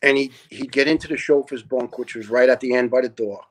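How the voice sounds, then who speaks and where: A man in his fifties, a retired fire lieutenant and podcast guest, telling animated, profane stories in casual chat, laughing often and restarting his sentences. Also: medium pitch, fairly quick. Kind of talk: casual storytelling.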